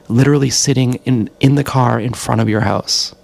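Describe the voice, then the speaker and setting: A man's voice: mid-range voice, steady tone, takes it slowly, vocal fry, pauses often, a little mellow, dry recording. A man livestreaming from an action camera, telling a tangled personal story in a profane, rambling way and often correcting himself. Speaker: live streamer.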